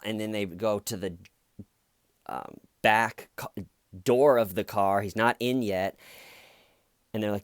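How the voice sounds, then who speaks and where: A man's voice: fairly low pitch, unhurried, pauses often, no echo, studio quality. A man telling a story in a casual, rambling way, often restarting and correcting himself. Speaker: channel host.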